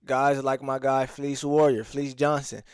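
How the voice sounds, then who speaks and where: Slangy male streamer, smooth dry voice. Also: medium pitch, monotone, measured pace, no room sound. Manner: loose slangy talk with many restarts; addresses the audience directly. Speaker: streamer reacting to a video. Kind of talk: casual reaction commentary.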